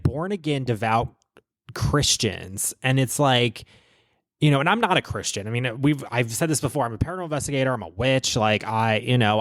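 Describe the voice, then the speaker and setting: On his podcast, a man rambles through gossip commentary with animated, profane energy, piling aside upon aside. His voice sits at an ordinary middle pitch, and the studio sound is close and dry with no room echo.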